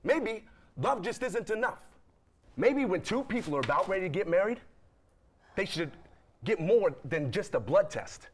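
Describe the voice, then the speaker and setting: A man's voice: high-pitched, very animated, moderate pace, long pauses, full character voice. A young man acting as a buttoned-up lawyer husband in a stage play, answering with dry, sarcastic retorts. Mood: exasperated. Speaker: husband Paul.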